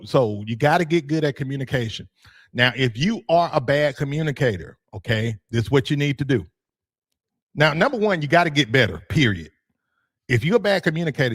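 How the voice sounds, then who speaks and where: Animated, joking man hosting a podcast. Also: medium pitch. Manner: animated, joking, laughs often, swears casually. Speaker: youth football coach and podcast host. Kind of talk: casual podcast talk. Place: room with his degree on the wall.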